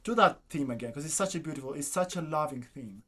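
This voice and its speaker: A man with a fairly high, pushed, bright voice talks fast and animatedly while coaching a violin masterclass. He coaxes his student, sings phrases to demonstrate, and asks "do you understand?"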